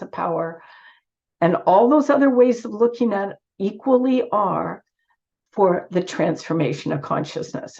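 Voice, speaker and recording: A woman giving an earnest online talk with slides, her voice squeaky from a cold and her phrasing full of restarts. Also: creaky, darkish tone. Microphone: video call. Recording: dull lo-fi video call audio.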